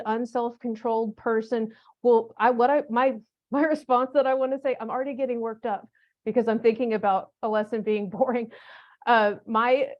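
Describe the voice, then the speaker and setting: A woman with a fairly high-pitched voice, recorded with lo-fi sound, presents a teacher workshop at a conference. She keeps it conversational and humorous, offering practical classroom examples.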